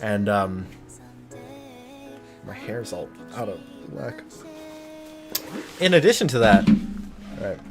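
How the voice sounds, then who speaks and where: A man's voice: fairly low pitch, very animated, takes it slowly, long pauses, music in the background. Tired, rambling male streamer. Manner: rambling, chatty, self-deprecating. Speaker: livestream host. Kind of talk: casual stream chat.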